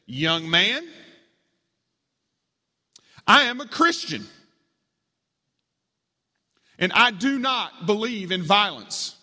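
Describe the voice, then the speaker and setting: A man's voice: big pitch swings, takes it slowly, bright, forceful tone, heavily acted. A man voicing a firm, loving elderly Christian grandmother who lays down the law, in a large hall with long reverb. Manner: firm, commanding, raised pitch.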